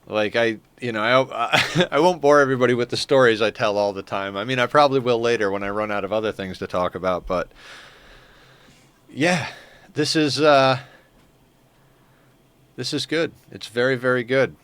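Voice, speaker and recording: A man's voice: medium pitch, normal speed, pauses often, fairly bright tone, clear, resonant tone, dry recording. A man chatting casually on a live game stream, rambling and easily flustered. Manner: rambling, flustered, self-deprecating. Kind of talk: casual live-stream chat while playing.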